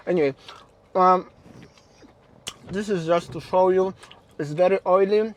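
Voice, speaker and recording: A man hosting a travel food vlog outdoors at a street food stall, excitable, laughing often, and talking in loose, non-native English. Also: sits high, unhurried, pauses often. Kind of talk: casual vlog commentary. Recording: outdoor street noise behind.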